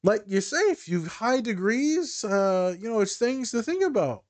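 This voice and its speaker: Man, therapist co-host, casual talk, animated storyteller, sarcastic streak. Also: high voice, unhurried. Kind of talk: casual podcast chat.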